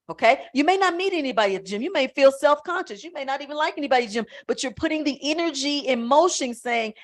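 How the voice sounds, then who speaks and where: A woman spiritual coach teaching on a live stream, talking in an emphatic, conversational way that gets loud at times. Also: high-pitched, lively intonation, fast, few pauses.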